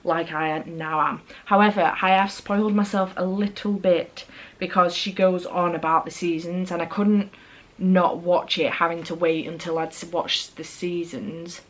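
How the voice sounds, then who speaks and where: A woman's voice: on the low side, fairly even intonation, a little slow, poor audio. A woman chatting casually to camera in a rambling vlog. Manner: chatty, rambling, self-correcting. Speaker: vlogger.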